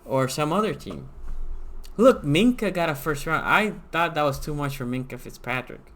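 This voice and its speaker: A man's voice: a little high, animated, moderate pace, a bit bright. A man hosting a live sports call-in show, chatting casually and animatedly with callers.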